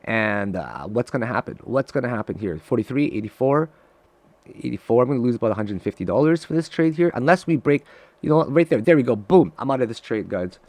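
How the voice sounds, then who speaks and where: A man giving live trading commentary to his viewers, excitable and profane, swinging from loud frustrated outbursts to low muttering. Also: fairly quick, dry recording. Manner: talks straight to viewers, calling them guys. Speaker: day trader streaming live trades.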